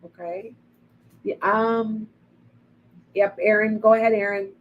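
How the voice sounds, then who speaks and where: A woman's voice: mid-range voice, steady tone, slow pace, lo-fi sound. A middle-aged woman giving rambling psychic readings on a live stream. She greets viewers by name as she goes. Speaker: psychic medium.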